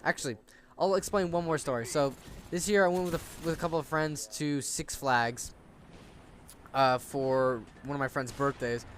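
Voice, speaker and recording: A man's voice: a little high, moderate pace, a bit bright, slight background noise. A young man in his late teens tells stories during casual gameplay commentary. He rambles, swears a lot and often restarts his sentences. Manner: rambling, profane ranting with many restarts. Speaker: gaming channel host.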